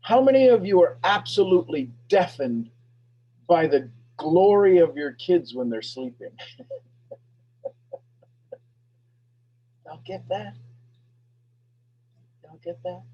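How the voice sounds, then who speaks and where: A man hosting a live motivational talk, energetic and preachy, repeating questions and swinging between loud bursts and hushed lines. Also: fairly high pitch, slightly rough, lo-fi sound. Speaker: host of a motivational talk show.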